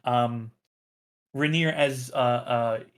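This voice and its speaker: A man narrating as game master of a tabletop role-playing game, halting with many ums and uhs. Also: mid-range voice.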